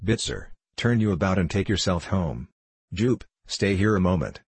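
A man voicing a strict, practical older gentleman who speaks in measured, commanding tones. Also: low voice, lively intonation, breathy edge, no echo, heavily acted. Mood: stern. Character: stern older male schoolmaster type, strict, practical.

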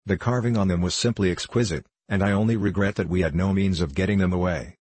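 A man narrating an adventure novel in a solemn, measured storytelling manner, recorded close on a studio mic. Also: low-pitched, a little mellow, husky, dry recording. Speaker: audiobook narrator.

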